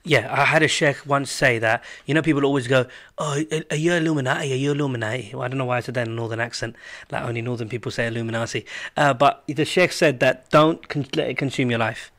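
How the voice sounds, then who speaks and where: Relaxed joking man. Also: mid-range voice. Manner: relaxed, joking, quick reactions. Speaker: podcast host. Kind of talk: casual podcast chat.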